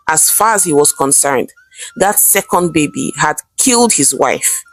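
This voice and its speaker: Lady narrating a story, lowish voice, quiet music behind. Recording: faint background music.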